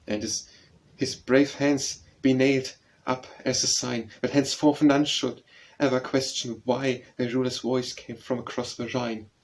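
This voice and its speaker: A man reading a narrative poem aloud as an audiobook narrator, in a measured, solemn recitation. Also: mid-range voice, level tone, poor audio.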